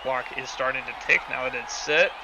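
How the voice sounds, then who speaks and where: A man doing play-by-play commentary for a simulated football game, excitable and bursting into shouts on big plays, his home microphone distorting when he yells. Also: mid-range voice, normal speed, vocal fry. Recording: loud game crowd and noise underneath. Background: stadium crowd sound from the game.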